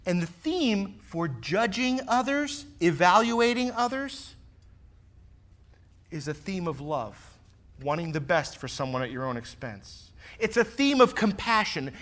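A middle-aged man, a pastor who is also a fire lieutenant, preaching a sermon full of personal stories and acting out what people said, swinging from loud to soft. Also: high voice, very animated, slow.

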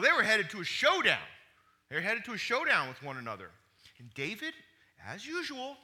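Male pastor, high and lively voice, animated storyteller who drops quiet on somber points. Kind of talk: sermon.

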